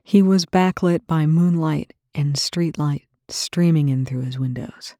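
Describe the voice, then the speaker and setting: A narrator reading a tense story aloud in a steady, dry storytelling manner. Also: mid-range voice, a little slow, no echo. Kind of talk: scripted narration.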